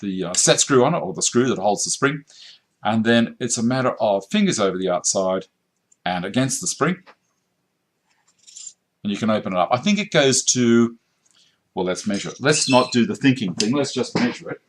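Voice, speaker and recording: A man's voice: mid-range voice, lively intonation, moderate pace, long pauses. A middle-aged man, casually chatting on a woodworking live stream while reading out viewer comments. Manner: casual, chatty, laughs easily. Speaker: woodworking channel host.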